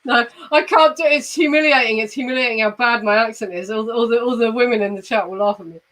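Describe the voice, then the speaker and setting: A woman's voice: a little high, fast, a bit bright, poor audio. A woman from England with an Estuary English accent, chatting casually as a podcast host, swearing freely and poking fun at herself. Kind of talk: casual chat.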